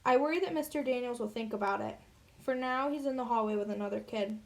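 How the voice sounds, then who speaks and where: A woman's voice: on the high side, fast, gravelly. Woman earnestly reading a children's novel. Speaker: audiobook reader. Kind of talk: first-person audiobook narration.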